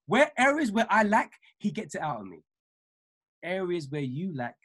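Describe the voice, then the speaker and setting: A man giving an emphatic, repetitive motivational talk to his trading mentees over a video call, building from calm to fiery. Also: high-pitched, normal speed, slightly rough. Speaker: trading mentor.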